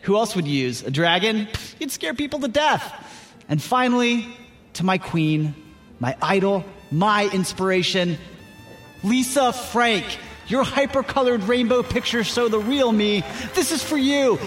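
A theatrical, self-admiring unicorn, played by a man, gushes through a comic acceptance speech. The voice is high and swings widely in pitch. It sits in a space with a long reverb tail. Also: expressive, a little slow, a bit bright, faint music behind. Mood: boastful. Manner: theatrical, grateful, boastful. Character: vain, gushing unicorn accepting an award.

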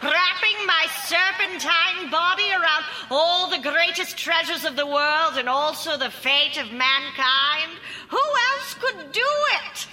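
A woman's voice: very high voice, expressive, a little slow, few pauses, sharp tone, full character voice. A woman voicing a vain, arrogant dragon who gives a haughty, boastful award acceptance speech. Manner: haughty, self-satisfied, boastful.

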